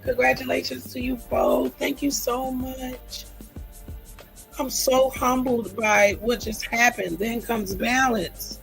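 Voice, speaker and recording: A woman's voice: on the high side, steady tone, takes it slowly, vocal fry, fairly bright tone, faint music behind, poor audio. A middle-aged woman talking heartfelt and earnest on her own livestream, repeating phrases for emphasis. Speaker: livestream host. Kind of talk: emotional personal livestream talk.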